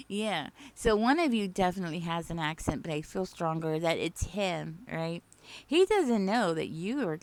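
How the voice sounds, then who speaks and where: Chatty woman giving a tarot reading. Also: fairly low pitch. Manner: chatty, repeats "okay?" and "you know?"; sings song snippets softly. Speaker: tarot reader. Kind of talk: casual spoken tarot reading.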